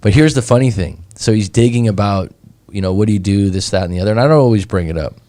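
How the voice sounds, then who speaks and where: A man from California, a breakup coach hosting a show, chatting casually and telling stories in an animated way. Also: fairly low pitch, fast, no echo. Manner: animated, conversational, acts out anecdotes. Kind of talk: casual chat, storytelling.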